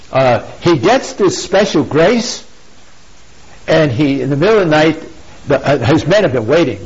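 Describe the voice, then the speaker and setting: Male speaker telling a story with a moral, husky and slightly high voice, lots of "you see?" asides, lo-fi dull audio. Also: darkish tone. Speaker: pro-life speaker. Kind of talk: informal moral talk, retelling a classic story. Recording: dull lo-fi recording.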